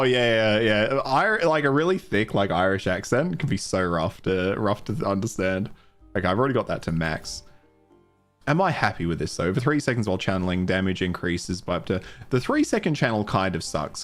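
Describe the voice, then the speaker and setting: A man with a mild Australian accent streaming a video game, chatting casually, thinking aloud and laughing easily. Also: fairly low pitch. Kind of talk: casual live-stream commentary.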